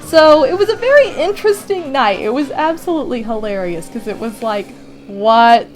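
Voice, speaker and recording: A young woman hosting a gaming video, telling a funny story in a casual, animated way with many fillers and frequent laughter. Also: sits high, a little fast. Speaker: gaming channel host. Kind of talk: casual storytelling over gameplay.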